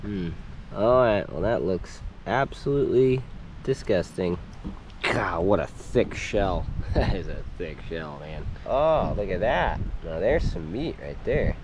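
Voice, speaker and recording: A man hosts a casual camping vlog from a tent at an island campsite, playful and teasing. His voice rises and falls in a lively way as he coos at a baby goat. The recording carries a steady outdoor noise. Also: deep voice, slow. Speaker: vlog host.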